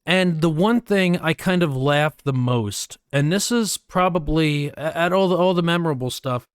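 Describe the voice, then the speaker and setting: A man co-hosting a podcast with a slightly higher voice, recorded close and dry with no room sound. He tells the story loosely, swears often, and his pitch leaps up when he plays out what people said. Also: moderate pace, smooth, dry recording. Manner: relaxed, swears freely, acts out quotes in a higher voice. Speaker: podcast co-host. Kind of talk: casual storytelling chat.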